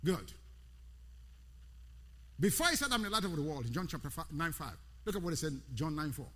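A man's voice: fairly high pitch, big pitch swings, brisk, bright, forceful tone. A man preaching a sermon, repeating key words with rising emphasis and calling out to his congregation. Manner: calls out to the congregation by name. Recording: long hall reverb.

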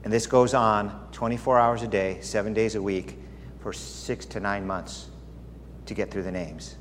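A man's voice: on the low side, fairly even intonation, a little slow, a little hiss or hum. A man preaching as a pastor, earnest and confiding as he tells a personal story within a sermon. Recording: long hall reverb, faint ambience.

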